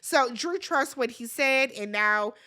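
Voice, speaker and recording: A woman's voice: fairly high pitch, animated, slow, pushed and bright. A woman hosting a casual recap of a reality TV show, blunt, sassy and profane as she scolds the cast directly. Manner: talks straight at the viewers and the cast, scolding them. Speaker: TV recap host.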